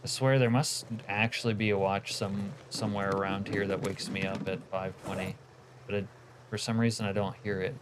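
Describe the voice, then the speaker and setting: A man with a low voice gives loose, casual commentary on his game, replying to chat between mutters. He swears freely. A faint hiss of noise sits behind him. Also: steady tone, normal speed. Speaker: streamer.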